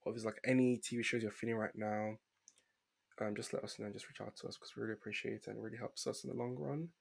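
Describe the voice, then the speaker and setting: A man's voice: fairly low pitch, fairly even intonation, fast, vocal fry, slightly rough. A young British man hosting a podcast in casual chat, joking and laughing loosely. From Britain. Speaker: podcast host.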